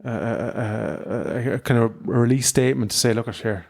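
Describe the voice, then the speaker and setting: An Irish man co-hosting a podcast, rambling through stories in relaxed casual chat. His voice has a marked gravelly fry. It sits at an ordinary middle pitch. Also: fairly quick. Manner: rambling, full of fillers and restarts. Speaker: podcast co-host.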